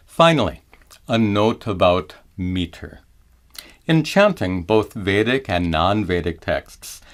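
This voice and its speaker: A middle-aged man teaching Sanskrit chanting in a measured, calm manner, pausing to chant each example slowly. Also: on the low side. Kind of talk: slow explanatory lesson with chanted examples.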